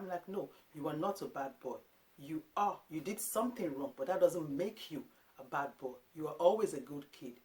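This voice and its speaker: Woman in her thirties from Africa, parenting vlogger, casual and animated talk to camera, slips into quick impressions of herself and her kids. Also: deep voice. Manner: animated, acts out quotes of herself and her sons.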